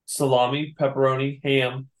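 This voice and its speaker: A man's voice: medium pitch, flat delivery, moderate pace. A man co-hosting a podcast, chatting casually in a laid-back way with dry comments. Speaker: podcast co-host. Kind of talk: casual chat.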